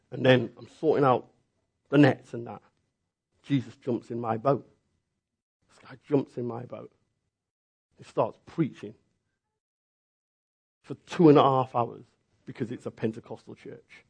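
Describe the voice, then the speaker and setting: A man preaching a sermon, telling the story with lively, acted-out reactions. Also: medium pitch, a little slow, gravelly, long pauses, breathy edge. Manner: animated storytelling, acting out reactions.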